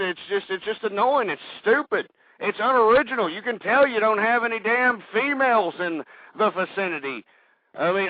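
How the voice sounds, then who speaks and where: A man hosting a talk radio show, ranting indignantly and swearing at his opponents, his voice hoarse. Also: high-pitched, no room sound. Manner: ranting, indignant, swearing, addresses listeners as folks. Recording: tinny phone-line radio sound, dry.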